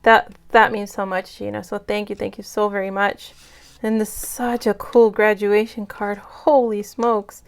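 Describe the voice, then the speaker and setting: Teary woman gushing over happy mail, smooth clear voice, casual vlog. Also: medium pitch, little pitch movement, moderate pace. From United States. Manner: gushing, emotional, grateful. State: near tears. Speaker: budget vlogger.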